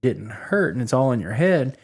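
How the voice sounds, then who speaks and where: A man's voice: medium pitch, big pitch swings, normal speed, breathy edge. A man with a mid-range voice chats casually on a podcast. He speaks openly and is hard on himself as he tells a story about his son. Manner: candid, self-critical storyteller. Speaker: podcast co-host. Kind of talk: casual chat.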